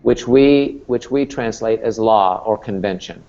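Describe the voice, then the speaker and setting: A man's voice: fairly low pitch, measured pace, creaky, mellow, lo-fi sound. A man teaching a Greek class as professor, explaining patiently and checking in with "okay?" and "right?". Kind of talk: classroom lecture.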